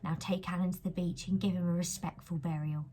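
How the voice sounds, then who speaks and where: A man voicing a cruel, possessive woman in a comic story reading, in a high put-on voice. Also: steady tone, measured pace, vocal fry, husky, full character voice. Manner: high put-on voice, breaking into laughter.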